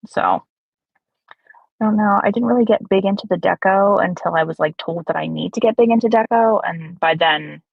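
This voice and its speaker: Low raspy gal gabbing on a game stream, dry dull audio. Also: female voice, moderate pace, no room sound. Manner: chatty, self-mocking, animated storyteller. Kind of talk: casual gaming chat.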